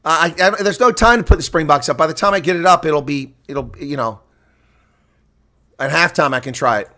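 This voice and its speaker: Bright-voiced man calling live rugby. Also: on the high side. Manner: rapid play-by-play, jumping to excited shouts on big plays; chatty asides to viewers. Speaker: rugby commentator. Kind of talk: live play-by-play reaction commentary.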